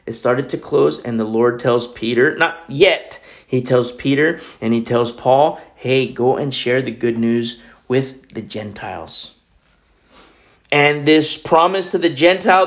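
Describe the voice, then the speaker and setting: In a small home church room, a Peruvian male pastor delivers a relaxed, casual sermon, joking and chatting as he goes. His voice sits a little high for a man, and he keeps restarting his sentences.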